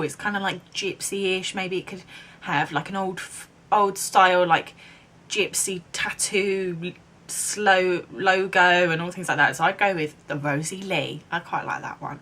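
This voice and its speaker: A woman's voice: lowish voice, a little slow, a bit bright. A young woman in her twenties from England chatting casually to camera, rambling with lots of "um" and "like". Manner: chatty, rambling, many ums and likes. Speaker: vlogger.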